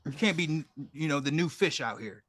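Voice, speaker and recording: A man's voice: fairly high pitch, expressive, a bit bright. A man co-hosting a podcast, chiming in with jokes and wisecracks in casual chat. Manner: jokey, quick with wisecracks. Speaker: podcast co-host.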